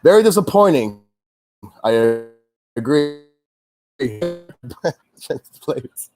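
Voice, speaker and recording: Male sports host, fed up, rambling rant, slightly high voice. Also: sing-song, very slow, a little mellow. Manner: frustrated, swearing, rambling with restarts. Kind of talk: casual pregame-style sports chat, venting.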